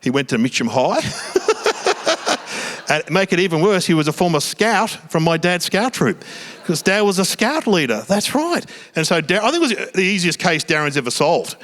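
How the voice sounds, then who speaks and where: A man's voice: sits high, sing-song, fairly bright tone. Australian man telling stand-up stories. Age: middle-aged. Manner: chatty, self-mocking anecdotes with quick voiced asides. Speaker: stand-up comedian. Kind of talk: stand-up comedy storytelling. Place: small theatre stage before a live audience.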